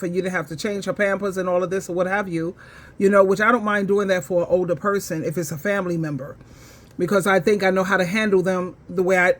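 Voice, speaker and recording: A woman vlogger telling a story and reading viewer comments in casual commentary, rambling with fillers and laughing heartily between lines. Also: medium pitch. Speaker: advice coach and vlogger.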